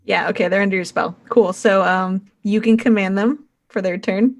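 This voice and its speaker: A woman's voice: mid-range voice, steady tone, moderate pace. Woman game master, mid voice, loose and rambling. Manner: rambling, fillers, giggly. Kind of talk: narrating a tabletop game.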